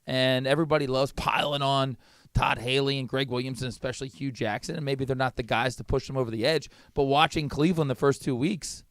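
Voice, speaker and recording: A man co-hosts a casual sports show, fired up and opinionated, with quick jokes. His voice sits in a middle range. The recording is dry and close. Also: medium pitch, steady tone, fairly bright tone, no echo. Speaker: sports podcast co-host.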